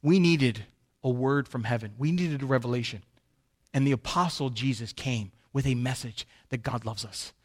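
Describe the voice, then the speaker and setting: A man preaching a sermon to his church, emphatic and animated, swinging between loud and quiet. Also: mid-range voice, normal speed. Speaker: pastor.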